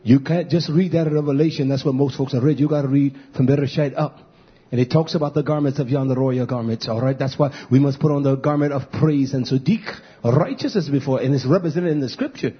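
Husky fiery preacher man, dull audio. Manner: chanting, drawn-out cries, swings from shouts to low murmurs. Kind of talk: fiery sermon on a live stream.

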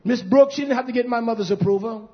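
A man preaching a fiery, scolding sermon, swinging between shouted lines and hushed ones. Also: very high-pitched, fast. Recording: dull lo-fi recording.

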